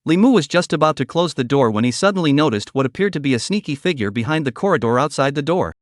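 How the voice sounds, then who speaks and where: A man reads a fantasy comic recap as scripted narration, his voice sitting a little high and moving animatedly up and down. The recording is dry and close, with no room echo. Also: lively intonation, fast talker.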